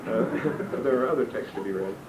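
A mid-range male voice at a moderate pace belongs to an older religion lecturer teaching scripture in class. He strays into anecdotes and dry jokes, and the distant, roomy recording carries background noise.

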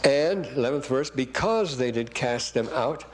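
A man's voice: medium pitch, animated, unhurried, noisy background. A man teaching a scripture class who reads verses aloud and keeps breaking off to comment and question the class. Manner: rambling, asks the class questions.

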